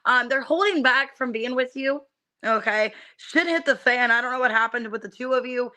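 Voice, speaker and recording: Reading tarot on a live stream, this young adult woman keeps things casual and chatty, dropping fillers and side comments and calling out viewers by name. She speaks at a moderate pace in a bright, forward voice pitched a little high.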